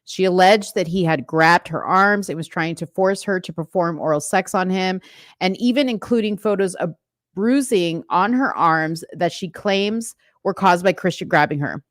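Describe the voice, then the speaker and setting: Woman livestream host, lowish voice, dry close sound, casual, reads news then riffs with chat. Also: moderate pace, dry recording. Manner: chatty, many fillers, talks straight to viewers. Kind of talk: reading news aloud and commenting to live chat.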